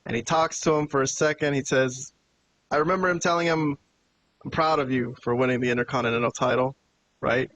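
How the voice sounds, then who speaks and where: A man's voice: mid-range voice, a little fast, slight background noise, low-quality recording. A man hosting a podcast, casually recapping a wrestling show and acting out the quoted lines as he tells it. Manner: animated retelling with quoted dialogue. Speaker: podcast host.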